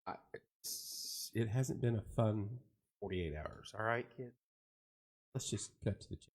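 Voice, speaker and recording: A middle-aged man hosts a casual live chat show, joking and rambling as he tells animated stories and greets viewers. He speaks a little slowly in a lowish voice.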